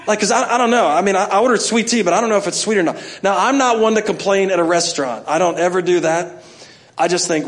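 A man's voice: high-pitched, fast talker. A middle-aged man, preaching a sermon and telling stories with self-mocking humor and acted-out asides. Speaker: pastor.

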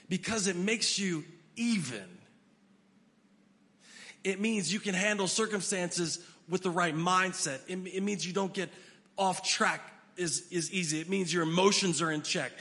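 Bright-voiced male pastor preaching. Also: high-pitched. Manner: emphatic, swings from loud to hushed. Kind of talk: sermon. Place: church hall. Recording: long hall reverb.

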